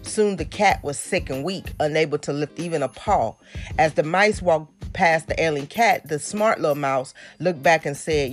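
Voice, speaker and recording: A woman's voice: low-pitched, moderate pace, soft background music. A woman minister hosting a devotional podcast, telling a fable and preaching in a storytelling manner.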